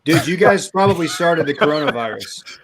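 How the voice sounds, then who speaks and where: A man with a fairly high voice jokes around with his co-hosts on a live show. He ribs the others and tells stories in a loose, casual way. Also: lively intonation, a little fast, a little hiss or hum. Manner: joking, ribbing the others. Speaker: co-host. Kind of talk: casual banter between friends.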